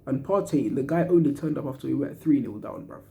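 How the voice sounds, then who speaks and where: A man's voice: medium pitch, lively intonation, fairly quick, vocal fry, warm tone. A young man, ranting angrily about a football match, swearing and using street slang. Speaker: football fan reacting to a match. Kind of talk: angry post-match fan rant.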